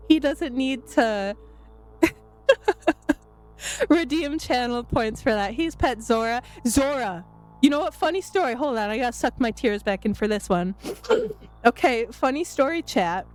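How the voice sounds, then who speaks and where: A woman streamer chatting with her viewers, giggly and excitable, laughing herself to tears and often squealing. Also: high-pitched, unhurried. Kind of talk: live-stream chat with viewers. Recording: faint music in the background.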